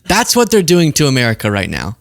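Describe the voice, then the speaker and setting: A man's voice: medium pitch, huge pitch swings, a little fast. A young man hosting a political commentary show, talking in a sarcastic, conversational way. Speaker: host.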